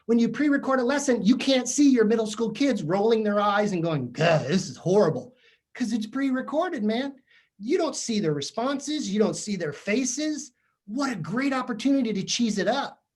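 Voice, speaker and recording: A man's voice: extremely high pitch, lively intonation, normal speed. A man giving a humorous, chatty professional development talk to teachers, joking and poking fun at himself. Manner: jokey, chatty, self-mocking. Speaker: keynote speaker to teachers. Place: virtual session from home or office.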